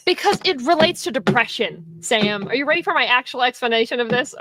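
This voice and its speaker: A woman's voice: fairly high pitch, lively intonation, a little fast, background noise. A woman co-hosting a casual film debate, teasing and laughing a lot as she passionately argues her side. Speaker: co-host.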